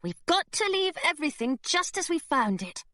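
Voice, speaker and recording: A woman voicing a plucky young girl pirate who speaks in a brisk, determined way. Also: high-pitched, very animated, bright, forceful tone, dry recording, clean studio sound, pitched above the performer's own voice, full character voice.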